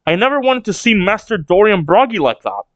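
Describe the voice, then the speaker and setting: A man's voice: high voice, big pitch swings, fast, fairly bright tone, no room sound, highs cut off, pitched above the performer's own voice. A man voicing a frustrated young male pirate in a raised, strained voice, read aloud from a manga.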